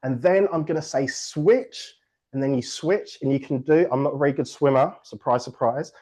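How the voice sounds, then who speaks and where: A man's voice: medium pitch, brisk. A man hosting a virtual book launch on a video call, playful and jokey, leading party games and sometimes out of breath. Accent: non-American English. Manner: lively, playful, jokey, breaks into laughter. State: out of breath at times.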